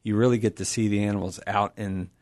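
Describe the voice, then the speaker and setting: A middle-aged man as a radio guest, talking in an enthusiastic, rambling way with a preacher's warmth. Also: fairly low pitch, steady tone, quick pace, no echo. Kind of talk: casual radio talk.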